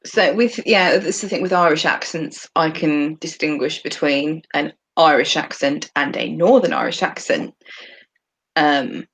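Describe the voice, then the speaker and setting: A woman's voice: deep voice, measured pace, husky. A woman from England with a Birmingham accent, co-hosting a casual podcast chat and dropping her T's as she talks. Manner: chatty, drops her T's. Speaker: podcast co-host.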